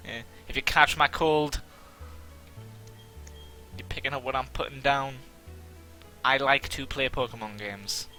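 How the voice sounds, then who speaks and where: Let's-play host, male, mid pitch, bright voice, rambling and self-deprecating commentary. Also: a little slow, long pauses, soft background music. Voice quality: somewhat monotone. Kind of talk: casual gameplay commentary.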